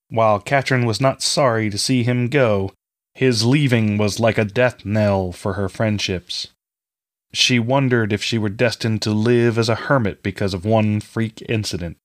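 A man reading a fantasy story aloud in a measured, steady storytelling manner. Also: on the low side. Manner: measured storytelling, reading all parts himself. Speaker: audiobook narrator. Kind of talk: scripted fantasy narration.

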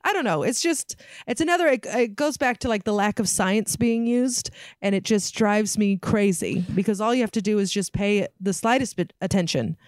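A woman's voice: mid-range voice, moderate pace, few pauses, no room sound. A woman chatting casually from home, frank and emphatic, laughing easily. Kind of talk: casual chat. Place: home in Brooklyn.

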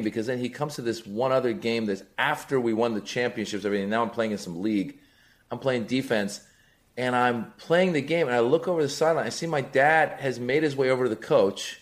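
A middle-aged comedian on a podcast, mid-pitched, telling lively stories. He acts out the voices of the people in them and climbs into excited, emphatic bursts. He has the easy rhythm of a stand-up who is used to holding a room. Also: brisk. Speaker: comedian guest. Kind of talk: comic storytelling on a podcast.

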